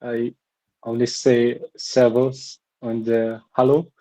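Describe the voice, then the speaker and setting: A man's voice: mid-range voice, flat delivery, slow, dark tone. A man speaking as a guest on a radio show, hesitant and checking whether he is right. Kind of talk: casual chat.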